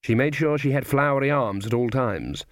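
A man reads an audiobook aloud in measured, even storytelling. His voice sits in a middle pitch. The recording is dry, with no room sound. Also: no echo. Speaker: audiobook narrator. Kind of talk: scripted narration.

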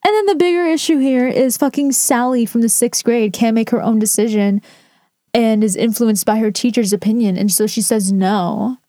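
A woman's voice: on the high side, normal speed, warm tone, no room sound, studio quality. A woman rating and reacting to stories in casual commentary, blunt and sarcastic with frequent swearing. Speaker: storytime reactor.

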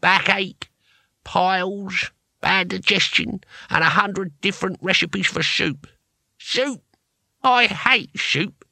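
A man voicing an eighty-seven-year-old toothless barbarian hero who grumbles slowly and moodily. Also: high voice, vocal fry, bright, forceful tone, dry recording, pitched above the performer's own voice, full character voice. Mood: grumbling. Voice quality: gummy, toothless mumble. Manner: slow, moody grumbling.

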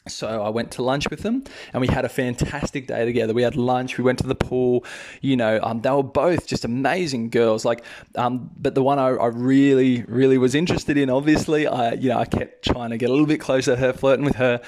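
An Australian man in his thirties, a podcast host and English teacher, telling a personal story in a chatty, animated way. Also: fairly quick. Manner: chatty, animated, raises pitch for quoted voices. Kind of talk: casual storytelling.

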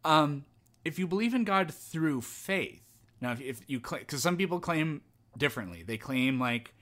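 A man chatting as a podcast guest, thoughtful and calm, often restarting his sentences. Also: a little high, moderate pace. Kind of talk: casual conversation.

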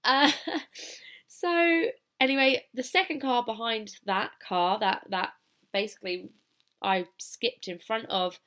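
A woman's voice: a little high, slow pace, pushed and bright. A British woman hosting a solo podcast, telling a personal story in a chatty, casual, self-deprecating way with informal wording. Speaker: podcast host.

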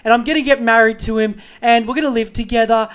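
An Australian man mocking a dramatic young woman from a dating show in a high, whiny voice. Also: steady tone, fast talker, fairly bright tone, smooth. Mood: gushing. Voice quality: high-pitched whiny mockery.

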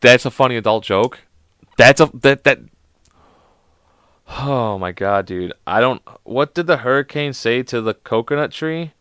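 A man's voice: mid-range voice, a little slow, a bit bright, smooth, dry recording, clean studio sound. A man reading bad jokes aloud to his viewers, swearing a lot, laughing at the jokes and mocking himself. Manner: self-deprecating, exasperated. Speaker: video host.

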